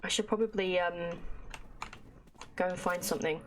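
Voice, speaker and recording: A woman's voice: lowish voice, steady tone, brisk, long pauses, slight background noise. Chatty woman streaming a game. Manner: chatty, talks to her chat and reacts as she plays. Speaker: livestreamer. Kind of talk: casual gameplay commentary, reading in-game notes aloud.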